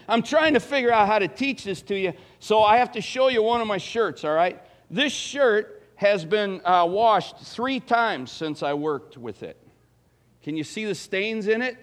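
A middle-aged man preaching a sermon in a conversational, folksy way, asking the congregation questions. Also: high voice. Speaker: pastor.

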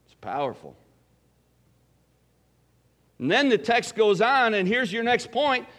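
Folksy high-voiced male preacher. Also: big pitch swings, slow pace, a bit bright. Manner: conversational preaching, folksy asides and questions to the congregation. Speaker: pastor. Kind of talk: sermon.

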